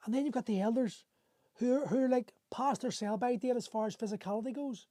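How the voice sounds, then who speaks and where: A man's voice: very high-pitched, fairly quick, dark tone, no echo. Earnest man in his forties. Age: 40s. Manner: earnest and rambling, with many restarts, answering viewer comments. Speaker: host of a men's coaching livestream. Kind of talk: impassioned motivational talk to live viewers. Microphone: phone or webcam on a livestream.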